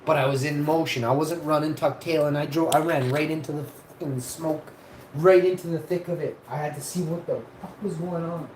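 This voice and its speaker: A man casually telling stories on a live stream, rambling and swearing, and getting loud when he is excited. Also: a little high, a little fast. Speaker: vlogger. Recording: echoey room, faint ambient noise.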